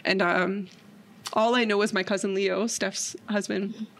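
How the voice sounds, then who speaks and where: A woman's voice: medium pitch, steady tone, a little slow. A young adult woman, telling a personal story in conversation, full of fillers and acted-out quotes. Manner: acts out quoted voices, many fillers like "like". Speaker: podcast guest. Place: parked car.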